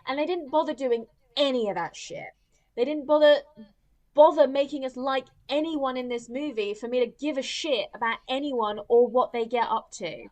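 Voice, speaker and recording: A woman's voice: high-pitched, moderate pace. A woman co-hosting a film podcast, ranting and swearing as she mimics characters in casual chat. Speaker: podcast co-host.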